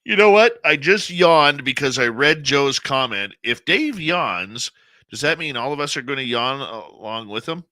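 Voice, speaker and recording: A male radio host chats casually into a headset mic, greeting his listeners and reading their comments out loud. His voice is sharp and forceful, and the sound is dry and close. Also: medium pitch, lively intonation, measured pace, no room sound. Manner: chatty, greets listeners and reads chat comments aloud. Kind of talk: casual live radio chat. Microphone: headset microphone.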